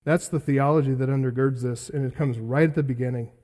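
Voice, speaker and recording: A male pastor preaching an expository sermon, emphatic, building through repeated lists and slowing down on key words. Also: mid-range voice, steady tone, dark tone.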